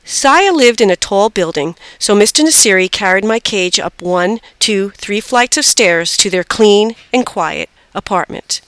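A woman reading a children's storybook aloud in an expressive voice. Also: measured pace, hardly any pauses, smooth, no echo. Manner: expressive, lively pitch. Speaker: storybook reader.

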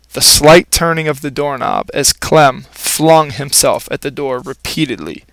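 A man reading a children's storybook aloud in a playful, expressive first-person narration. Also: medium pitch, no room sound. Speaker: audiobook narrator.

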